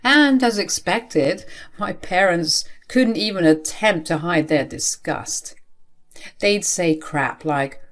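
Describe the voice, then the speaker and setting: A woman narrating a first-person story aloud in an expressive, emphatic way. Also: on the low side, takes it slowly.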